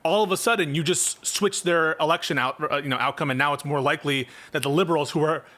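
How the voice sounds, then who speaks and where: A man with a slightly high voice talks quickly and emphatically, swearing freely in casual political talk. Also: pushed and bright. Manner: fast, profane, emphatic.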